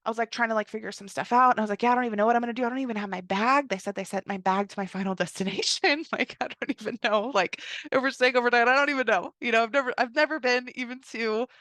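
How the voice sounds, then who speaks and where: A young woman hosting a podcast, telling a personal travel story in a chatty way, full of "like" and quick acted-out asides. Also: fairly high pitch, dry recording, studio quality. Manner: chatty, heavy use of "like", animated quoted asides. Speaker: podcast host. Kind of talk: casual storytelling monologue.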